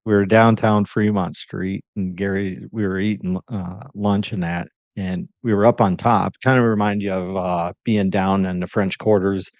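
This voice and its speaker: A man's voice: low voice, fairly even intonation, moderate pace, few pauses, darkish tone, dry recording. A man hosting a podcast, telling stories in a laid-back, teasing way. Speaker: podcast host. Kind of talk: casual chat. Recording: dull, dry lo-fi podcast audio.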